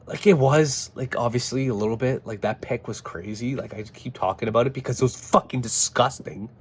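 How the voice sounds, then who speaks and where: A man ranting casually about a football game, animated and exasperated, with frequent swearing. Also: medium pitch, brisk, slightly rough. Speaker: football fan vlogger. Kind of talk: casual sports rant.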